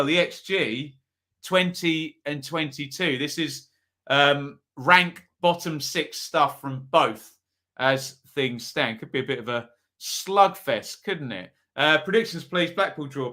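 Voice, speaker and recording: A man's voice: a little high, unhurried, pushed and bright. A man hosting a live football predictions stream, chatting casually and reading viewers' comments. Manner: chatty, asks chat for predictions, reads comments aloud. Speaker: football preview host.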